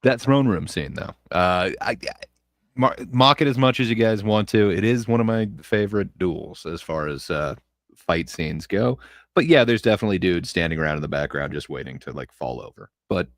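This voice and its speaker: Deep-voiced man chatting on a podcast. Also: expressive, moderate pace, no echo, clean studio sound. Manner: laid-back, chuckles often, trails off with fillers. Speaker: podcast host. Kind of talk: casual chat.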